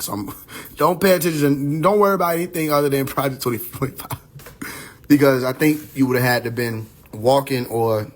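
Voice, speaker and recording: Profane, rambling man on a phone livestream. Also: mid-range voice. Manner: loose, rambling, profane, with quick asides and laughs. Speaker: livestream host. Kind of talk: casual livestream talk.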